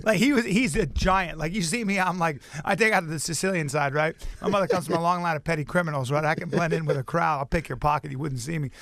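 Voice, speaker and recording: Male comedian guest, gravelly, lively storyteller, swears freely, dry mic. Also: on the high side, quick pace, few pauses, no room sound. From American. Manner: animated storyteller, swearing freely, drops into gruff impressions. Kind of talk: casual interview chat.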